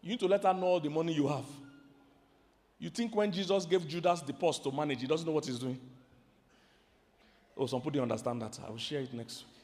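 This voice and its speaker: High-voiced Nigerian preacher in a reverberant hall. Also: male voice, fairly quick, pauses often. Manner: swings from shouting emphasis to quiet asides, asks the crowd questions. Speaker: marriage preacher. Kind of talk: sermon to a live audience. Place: large hall with an audience. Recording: hall reverb from a large venue.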